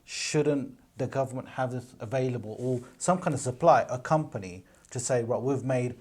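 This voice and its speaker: A man's voice: mid-range voice, normal speed, a little mellow, husky. Co-host, casual chat, questioning and tentative, restarts his sentences a lot. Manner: thoughtful, questioning, hesitant with restarts. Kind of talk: casual discussion.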